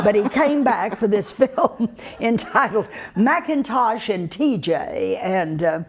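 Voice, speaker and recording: An older woman with a Texan drawl speaks slowly and in an unhurried way. She tells her stories in a folksy manner, chuckling and pausing on fillers as she goes. Her voice sits at a middle pitch. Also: a little mellow. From Texas. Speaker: actress telling her career story. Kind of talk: unhurried storytelling to a live audience.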